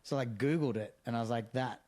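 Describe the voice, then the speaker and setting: A man's voice: medium pitch, fairly quick, darkish tone. A man tells a story in a loose, chatty way. He mimics other people's lines for laughs. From Australia. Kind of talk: casual storytelling.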